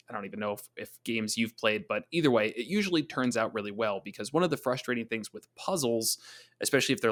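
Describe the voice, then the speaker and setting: Speaking at a middle pitch, a man co-hosting a podcast about tabletop games casually talks game design and monsters. He's reflective and chatty, working through ideas aloud and briefly voicing what his players might say.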